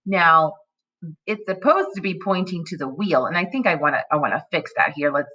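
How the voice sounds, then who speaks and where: A woman teaching a phonics lesson to young children in a slow, sing-song teacher voice, prompting them with questions. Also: lowish voice, pushed and bright, muffled recording.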